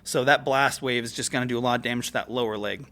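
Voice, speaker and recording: A man's voice: mid-range voice, steady tone, quick pace, sharp tone. A man guest on a podcast, telling a story in a casual, profane way full of fillers. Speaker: guest, military veteran. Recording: podcast studio mic.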